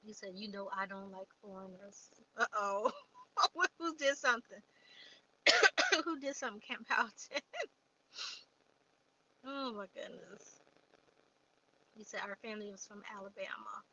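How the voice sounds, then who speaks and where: A woman's voice: mid-range voice, expressive, a little slow, long pauses, sharp tone, low-quality recording. A woman hosting a casual livestream, chatting and reading viewer comments aloud before answering them. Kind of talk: casual live chat.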